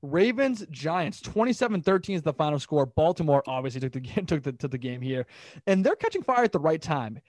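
A young man hosting a casual sports talk show, rattling off scores and rambling opinions in an animated way. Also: fairly high pitch, a little fast, dry recording, studio quality. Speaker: podcast host.

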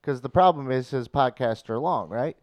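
A man's voice: mid-range voice, animated, normal speed, darkish tone, no room sound. Teasing man with a dry close sound. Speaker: podcast co-host. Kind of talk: casual chat.

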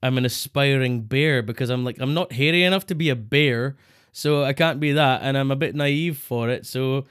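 A man's voice: mid-range voice, moderate pace, fairly bright tone, smooth. A man co-hosting a podcast, bantering casually, laughing often and jumping into silly put-on voices. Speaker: podcast co-host.

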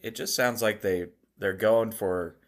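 Low-voiced man musing on a podcast. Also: measured pace. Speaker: podcast co-host. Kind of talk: casual podcast chat.

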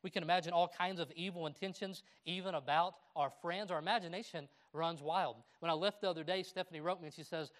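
A man's voice: sits high, lively intonation, quick pace, few pauses, a bit bright. A middle-aged man preaching a sermon, reading scripture aloud and telling personal stories with a laugh. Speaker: pastor.

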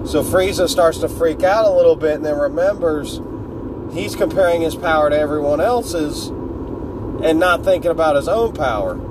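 A man's voice: fairly high pitch, normal speed. Easygoing male storyteller, loose and profane, talking from a car with road noise. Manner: laid-back, joking, swears freely, loses his words. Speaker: fan storyteller. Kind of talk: casual rambling retelling.

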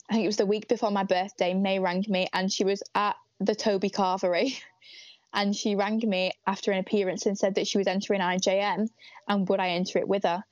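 A woman's voice: mid-range voice, no room sound. Giggly teen girl on a call. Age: late teens. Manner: chatty, giggly, fillers like "like" and "literally". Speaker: pageant titleholder guest. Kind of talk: casual interview chat. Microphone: video call. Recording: dry, dull lo-fi video call.

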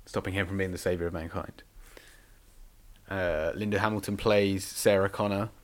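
A man with a very deep voice talks through a film in a loose, rambling way. He fills his sentences with ums and likes as he chats casually with his co-host. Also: steady tone, normal speed. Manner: rambling, filler-heavy, enthusiastic. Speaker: podcast co-host.

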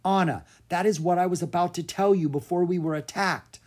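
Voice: medium pitch, fairly quick, darkish tone, pitched above the performer's own voice, close to an everyday voice. A narrator voicing an earnest young girl in a children's storybook, who talks in a pleading way.

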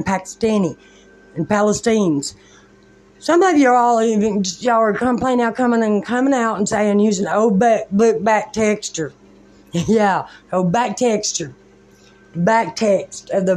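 A woman's voice: mid-range voice, darkish tone. A woman delivering a rambling religious monologue in a fervent, preachy way, using colloquial, folksy grammar.

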